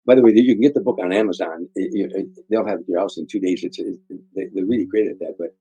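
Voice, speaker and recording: Older man, rambling storyteller, husky mellow tone. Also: low voice, fast talker, no room sound, low-quality recording. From Chicago area, USA. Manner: rambling, repeats words, emotional recollection. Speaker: guest comedian. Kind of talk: storytelling interview.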